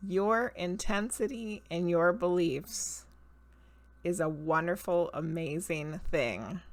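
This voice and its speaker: Woman medium on a live stream; slow, easy delivery, chats with viewers between readings. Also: lowish voice. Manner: laughs often, greets chat by name. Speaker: psychic medium and tarot reader streamer. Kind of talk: casual live-stream chat and card reading.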